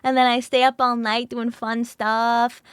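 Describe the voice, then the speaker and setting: A woman's voice: on the high side, level tone, unhurried, smooth, no echo, clean studio sound. A woman streamer chatting casually with viewers, sleepy and just woken up, laughing often.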